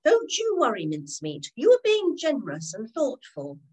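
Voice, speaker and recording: Storybook role: kindly male conductor, calm and soothing, read by a woman. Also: on the high side, normal speed, slightly rough, exaggerated voice. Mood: reassuring.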